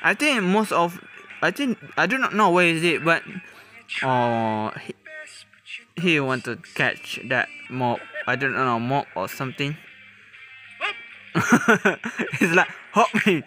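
A man hosting a reaction video, talking casually in halting English, often laughing and exclaiming. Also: a little high, sing-song, bright, forceful tone, faint music behind.

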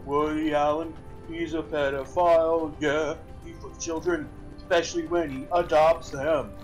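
A young man chats casually while streaming a game, his voice on the high side and his delivery flat and unhurried. He swears a lot and rambles, repeating himself and restarting often. Soft music plays behind him, and the recording is rough.

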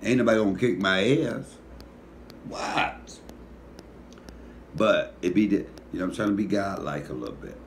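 A man comedian talking in a casual comedic monologue, animated and profane, teasing his listeners. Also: low-pitched, normal speed, long pauses, a little hiss or hum.

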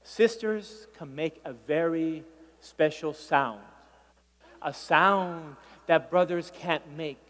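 A man does stand-up for a conference crowd in a large hall, teasing them playfully and acting out their reactions. His voice is fairly high and fairly bright, and he talks slowly. The recording carries the long reverb of a big hall.

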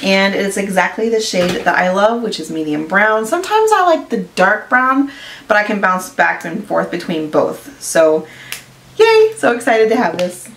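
A woman's voice: medium pitch, normal speed, far from the mic, a little hiss or hum. Gushing woman vlogger in an echoey room. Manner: gushing, excitable, fillers like "like" and "you guys". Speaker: beauty vlogger. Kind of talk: casual unboxing chat. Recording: echoey room, voice a bit off-mic.

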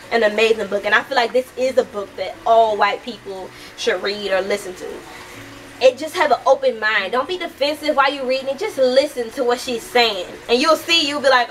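Young woman, high bright voice, heated and swearing, casual book review, mic a bit far off. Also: fairly quick, slight background noise. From United States. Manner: heated, swears often, animated.

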